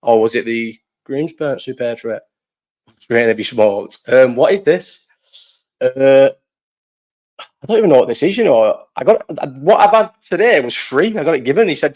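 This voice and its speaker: A young man in a loose live chat, rambling from one thing to the next, swearing freely and laughing a lot. His voice sits at an ordinary middle pitch, and he gets quick and excitable once he warms to a subject. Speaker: podcast co-host.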